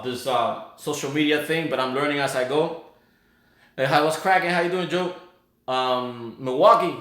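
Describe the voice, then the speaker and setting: Casual live-stream host, male, slightly high voice, loose rambling delivery, roomy echoey sound. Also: a bit bright. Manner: rambling, greets viewers by name and place. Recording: roomy echo.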